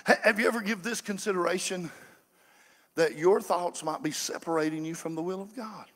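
Folksy male preacher, sharp forceful tone, reverberant sanctuary. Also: fairly high pitch. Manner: folksy preaching, swinging from quiet asides to shouted fervor. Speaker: pastor. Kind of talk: sermon. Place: church sanctuary. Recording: echoey church hall.

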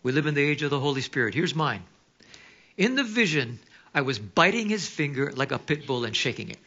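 Lively pastor, bright voice. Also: male voice, fairly high pitch, a little fast, lo-fi sound, slight background noise. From Hawaii. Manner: animated storytelling, drops to hushed quoted asides. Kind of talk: sermon.

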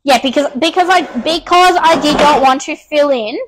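A woman's voice: high voice, normal speed, noisy background. A woman with an Australian accent, out of breath, chatting casually with many ums while restoring furniture on a live stream.

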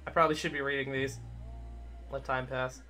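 A man's voice: medium pitch, level tone, a little fast, bright, forceful tone. A man streaming a game live, chatting casually with viewers and cooing at his dog in baby talk. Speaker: livestreamer.

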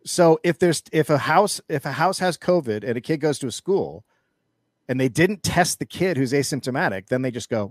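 A man's voice: medium pitch, lively intonation, normal speed, dry recording, studio quality. A man speaking as an interview guest in casual chat, ranting with anger and profanity and telling stories animatedly, with frequent restarts.

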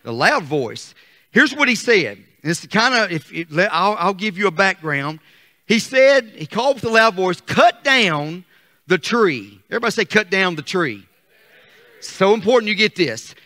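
A man preaching a sermon as pastor, trading call-and-response with the congregation, drawing out scripture slowly and climbing to emphatic peaks. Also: sits high, big pitch swings, bright, forceful tone, big-room sound. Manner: reads scripture slowly and deliberately.

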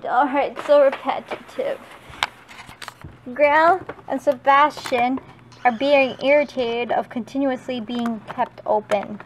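High pitched girl doing a slow chatty vlog, cooing at her pets on a handheld cam. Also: steady tone, slight background noise. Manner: chatty, coos in baby talk to her pets. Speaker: vlogger. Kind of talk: casual handheld vlog chat.

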